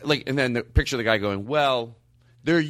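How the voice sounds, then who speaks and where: A man hosting a podcast, telling stories in casual, animated, profane comedic chat. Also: mid-range voice, racing, dry recording. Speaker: podcast host.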